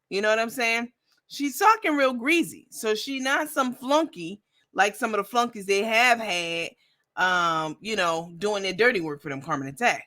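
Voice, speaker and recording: A woman's voice: medium pitch, sharp tone. A woman hosting a commentary stream in a blunt, profane, sassy manner. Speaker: host. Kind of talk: commentary vlog.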